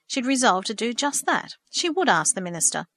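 A woman narrating a storybook in a steady, measured reading. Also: a little high, no room sound.

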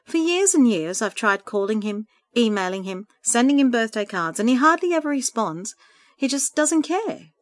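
A woman's voice: a little high, very animated, moderate pace, fairly bright tone, no room sound, voice pushed up. A woman doing a tearful, heartbroken woman. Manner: tearful, anguished pleading. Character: grieving lonely woman, tearful. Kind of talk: storybook reading.

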